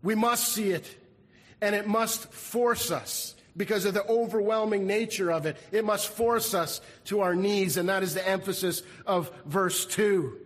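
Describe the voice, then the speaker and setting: A man's voice: sits high, measured pace, in a large hall. A man preaching a sermon as pastor, earnest and repeating his key phrases. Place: church sanctuary.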